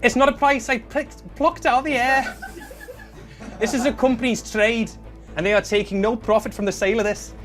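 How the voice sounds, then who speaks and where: A man doing a high, prim impression of a defensive young woman influencer, slipping as he laughs. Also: steady tone, normal speed, a bit bright, soft background music.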